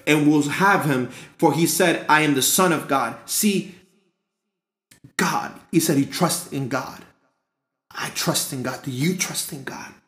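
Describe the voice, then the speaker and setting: A man's voice: fairly high pitch, fairly bright tone, roomy sound. A man preaching a fervent sermon with a repetitive, rhythmic cadence.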